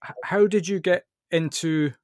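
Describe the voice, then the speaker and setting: An encouraging interview host asks questions and drops in short, upbeat replies. The voice sits at a middle pitch. It is recorded close and dry, with no room sound. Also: normal speed, darkish tone, no echo. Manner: encouraging, brief backchannels. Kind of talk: conversational interview.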